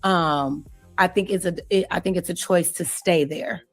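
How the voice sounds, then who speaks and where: A woman's voice: fairly low pitch, steady tone, normal speed, no room sound, faint music behind. A woman on a podcast panel giving a thoughtful opinion, with frequent ums. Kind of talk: casual debate.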